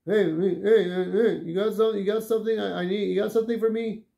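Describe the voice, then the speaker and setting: A man's voice: high-pitched, steady tone, a little fast, vocal fry, dark tone, dull audio, voice pushed up. A man putting on a pushy stranger on a train. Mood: pestering. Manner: overfamiliar, repetitive pestering.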